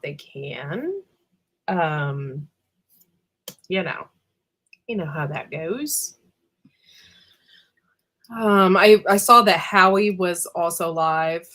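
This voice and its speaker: A woman with a lowish, expressive voice hosts a casual livestream, speaking slowly with long pauses in a pushed, bright tone. She rambles from aside to aside, greets viewers by name one by one, and fills her talk with ums and trailing thoughts.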